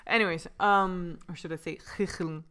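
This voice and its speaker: A woman's voice: mid-range voice, animated, fairly quick, fairly bright tone. A woman co-hosting a casual podcast chat, playful and giggly as she reads definitions aloud. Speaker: podcast co-host.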